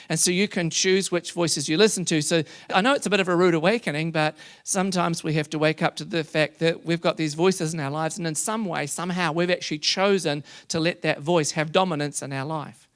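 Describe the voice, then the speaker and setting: A man preaching a sermon to a congregation, animated and emphatic, rising into loud emphasis. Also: fairly high pitch, clear, resonant tone. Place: church hall before a congregation.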